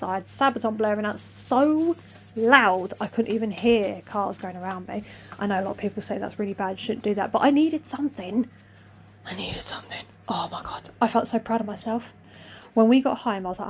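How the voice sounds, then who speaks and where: A woman's voice: medium pitch, slight background noise. A middle-aged woman telling a long personal story in a casual, rambling, self-deprecating way, acting out her own remarks. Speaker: vlogger.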